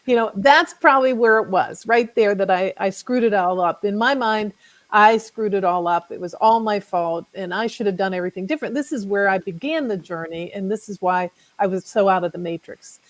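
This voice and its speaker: A woman's voice: medium pitch, brisk, hardly any pauses, low-quality recording. A middle-aged woman, a guest author, speaking candidly and wryly in a casual interview. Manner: candid, wry with light laughs.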